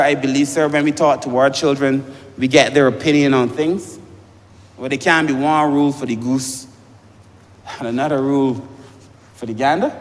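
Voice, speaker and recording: A man, a member of parliament giving an emphatic debate speech, addressing the chair as sir again and again. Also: on the high side. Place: parliament chamber. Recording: long reverb of a debating chamber.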